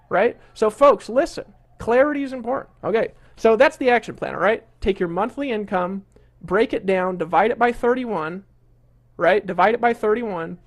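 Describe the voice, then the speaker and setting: A middle-aged man hosting a live marketing webinar, talking in a pushy salesman's way and scolding a complaining attendee. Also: high-pitched. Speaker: webinar host.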